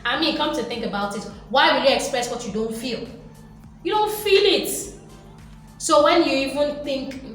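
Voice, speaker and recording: Animated woman lecturing in an echoey room. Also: sits high, normal speed. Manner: animated, lecturing, acts out voices. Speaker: motivational vlogger. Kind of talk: motivational talk to camera. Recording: very echoey room, faint music behind.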